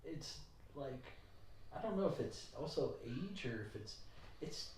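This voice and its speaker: A middle-aged man hosting a podcast, talking in a rambling, animated way with jokey asides. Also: mid-range voice, measured pace, far from the mic, a little hiss or hum. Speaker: podcast host. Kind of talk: casual interview chat. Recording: roomy, from off mic.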